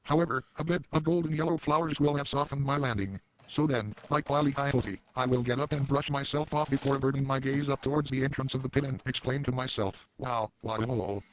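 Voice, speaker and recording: A man voicing a crude, boastful adult cartoon dad in a rambling parody monologue with sudden loud outbursts. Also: medium pitch, fairly quick, few pauses, close to an everyday voice, low-quality recording. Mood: brash.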